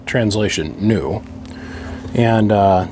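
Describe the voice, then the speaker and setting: A lower-pitched middle-aged man rambles through a long story while fiddling with a stubborn repair. He grumbles and jokes dryly to himself. A faint hiss sits under the recording. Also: slow, a little mellow. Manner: wry, grumbling, talks to himself over a stubborn task. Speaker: radio hobbyist working on an amplifier. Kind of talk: casual rambling monologue while working.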